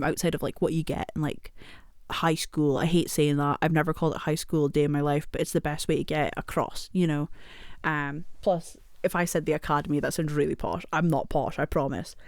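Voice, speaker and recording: A young British woman talks into her camera at home in a loose, rambling vlog, cursing casually and poking fun at herself. Her voice sits a little low for a woman. The sound is close and dry, with almost no room echo. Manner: rambling and self-deprecating, swears often, laughs a lot. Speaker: vlogger.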